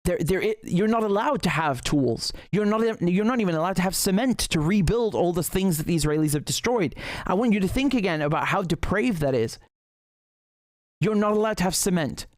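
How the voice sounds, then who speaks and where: Male commentator, slightly raised pitch, dry sound; heated, sarcastic, restarts a lot. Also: animated, a little fast, dry recording. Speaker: political commentator. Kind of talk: impassioned solo commentary.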